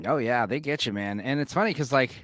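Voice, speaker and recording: A man's voice: medium pitch, fast, fairly bright tone, no echo, studio quality. A man co-hosting a casual chat, tipsy, rambling with lots of fillers and swearing. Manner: rambling, filler-heavy and profane. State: tipsy from drinking.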